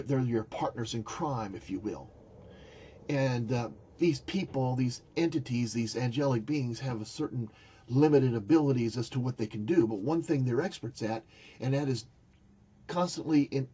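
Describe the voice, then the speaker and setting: Older male vlogger, husky and mellow, meandering monologue with restarts, dull lo-fi sound. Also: mid-range voice. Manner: rambling, searching for words, frequent restarts. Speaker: YouTuber recounting a spiritual experience. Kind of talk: casual monologue to camera.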